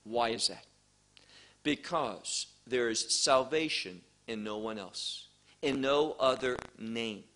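A man preaching a sermon, slow and emphatic, posing questions to the congregation. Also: mid-range voice, fairly bright tone.

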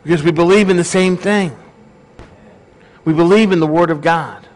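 A man's voice: on the high side, moderate pace, poor audio. A male pastor giving a casual, conversational sermon and often asking his congregation questions.

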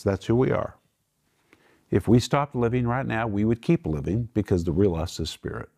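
A man's voice: lowish voice, mellow. A middle-aged man teaching from the Bible on a television program, emphatic and explaining Greek words step by step.

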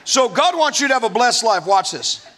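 A man's voice: very high-pitched, sing-song, normal speed, fairly bright tone. A man preaching a sermon as pastor, emphatic, with folksy asides.

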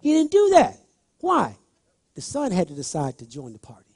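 A male preacher delivering a sermon, repeating phrases and rising into loud emphatic bursts as he speaks straight to the congregation. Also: high voice, wildly swooping pitch, normal speed, husky, no echo, studio quality. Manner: talks directly to the congregation.

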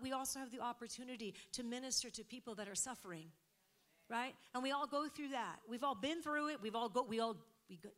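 A middle-aged woman preaching, telling a testimony in an animated way and acting out what people said. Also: on the high side. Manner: animated storytelling, acting out quotes, laughing. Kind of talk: sermon testimony.

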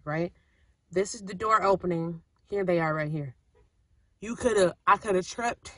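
A young woman vlogging, telling a casual story to the camera and acting out what other people said in a lively way. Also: mid-range voice. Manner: lively, animated, acts out other people's lines.

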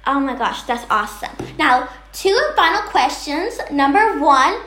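A woman's voice: sits high, expressive, a little slow, a bit bright, roomy sound. A woman interviewing a guest, gushing with praise and rambling through her questions. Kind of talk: casual interview.

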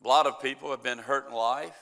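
A man's voice: mid-range voice, fairly even intonation, a little fast, creaky, sharp tone. A male pastor preaching a sermon, retelling a parable and acting out the characters' lines.

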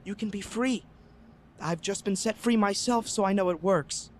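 A man's voice: high voice, moderate pace, a little mellow, slight background noise, close to an everyday voice. An actor playing an eager, newly converted eighteen-year-old young man who speaks earnestly and politely, calling everyone sir. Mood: earnest pleading.

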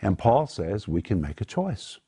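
A man's voice: fairly low pitch, very animated, unhurried, mellow, slightly rough. An older man hosting a Bible teaching program, earnest and emphatic as he explains Greek words. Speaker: Bible teacher and show host.

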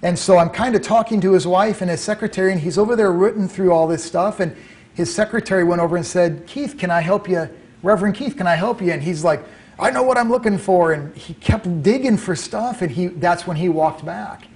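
A middle-aged man telling his story as an interview guest, animated and acting out the lines he quotes. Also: sits high, fairly quick. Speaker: author and guest.

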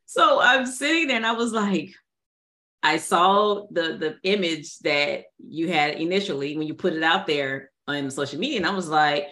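Lower-voiced woman telling a lively story. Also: measured pace. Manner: animated storytelling with laughter and acted quotes. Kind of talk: conversational interview.

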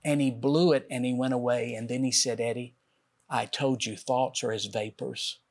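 A man's voice: medium pitch, fairly even intonation, normal speed, vocal fry. A man, a guest author on a talk show, gives an earnest personal testimony and acts out the dialogue he quotes.

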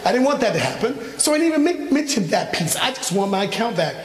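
A man preaching a sermon, telling a personal story in an animated way and acting out his own phone calls. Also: high-pitched, fast talker. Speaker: pastor. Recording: echoey church hall from far off.

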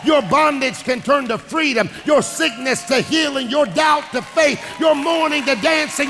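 A male pastor preaching a sermon, shouting and singing his lines and calling out to the congregation. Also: extremely high pitch, unhurried, hardly any pauses. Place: large church hall with congregation. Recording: echoing hall with music and crowd.

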